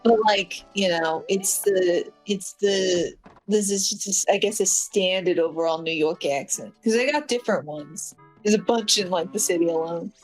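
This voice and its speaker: A woman's voice: lowish voice, moderate pace, faint music behind. A woman commenting on a game playthrough in casual chat, full of jokes and playful banter.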